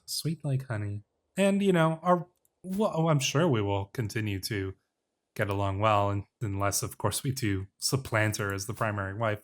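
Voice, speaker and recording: Musing man role-playing a strategy game. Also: mid-range voice. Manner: musing, self-correcting, reads event text aloud in character. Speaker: game let's player.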